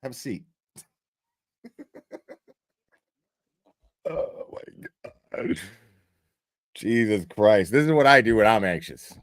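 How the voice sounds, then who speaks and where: A man's voice: lowish voice, lively intonation, slow pace, pauses often, no room sound, studio quality. Profane, joking man chatting with viewers. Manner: profane, joking, laughs at his own jokes. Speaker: streamer talking to chat. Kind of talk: casual livestream chat.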